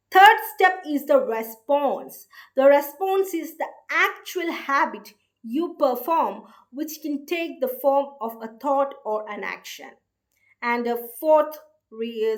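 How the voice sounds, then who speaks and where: Woman narrator for a book-summary lesson, slow and deliberate, repeats key points. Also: fairly high pitch. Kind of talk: explanatory book summary talk.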